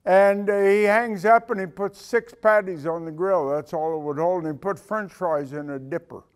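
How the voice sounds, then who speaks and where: Older man, retired military leader, lively storytelling speech, fairly high voice, acts out dialogue. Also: moderate pace, clear, resonant tone. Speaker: retired senior enlisted leader giving a talk.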